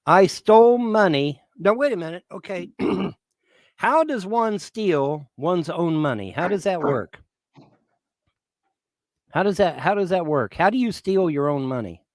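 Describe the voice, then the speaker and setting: A man's voice: sits high, lively intonation, measured pace, no echo. A man in his fifties on a livestream, swearing and making threats in a repetitive rant. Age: 50s.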